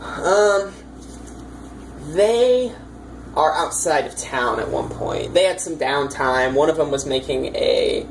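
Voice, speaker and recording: Woman game master, low voice, chatty and rambling, faint hiss on the track. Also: expressive, slow, low-quality recording. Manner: chatty, rambling, many fillers, amused. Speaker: dungeon master. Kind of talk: casual storytelling of a tabletop campaign.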